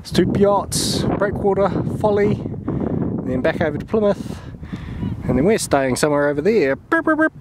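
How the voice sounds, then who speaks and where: A man's voice: sits high, expressive, moderate pace, heavy background noise. A man narrating a casual family vlog outdoors with wry, dry commentary. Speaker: father filming a family day out. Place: outdoors on a coastal hill. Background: loud music.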